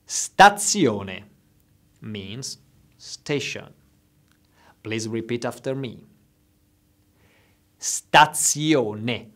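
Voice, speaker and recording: A man teaching travel phrases, saying each one slowly and clearly so listeners can repeat after him. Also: medium pitch, big pitch swings. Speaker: language teacher. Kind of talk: slow instructional phrase drills.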